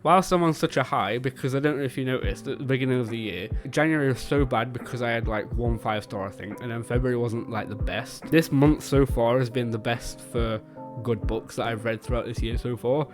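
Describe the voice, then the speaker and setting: A man's voice: mid-range voice, fairly quick, over music. A British man chatting casually about the books he has read, often stumbling over words and correcting himself. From Britain. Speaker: book vlogger. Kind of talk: casual book review chat.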